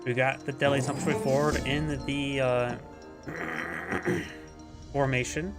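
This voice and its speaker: A man's voice: medium pitch, level tone, takes it slowly, over loud music. A man with a stuffy, congested nose giving casual live commentary on a strategy game, thinking aloud and correcting himself as he goes. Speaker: game caster.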